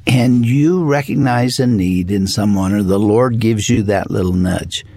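An older man hosting a faith interview, speaking slowly and thoughtfully about his father. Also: fairly low pitch, mellow, dry recording. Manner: slow, measured, reflective. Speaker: interview host. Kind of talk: radio interview.

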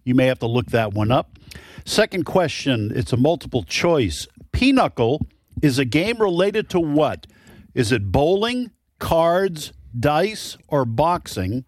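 Brief: man, radio co-host, animated intonation, dry studio, relaxed. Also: fairly high pitch, a little slow, no echo. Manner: easygoing, laughs readily. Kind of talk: casual on-air banter.

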